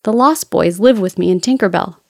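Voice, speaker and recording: A woman's voice: mid-range voice, fairly quick, gravelly, no room sound, studio quality. A woman reading a storybook, voicing a bold and cheeky young boy who leads his friends, in a raised, eager voice. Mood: boastful.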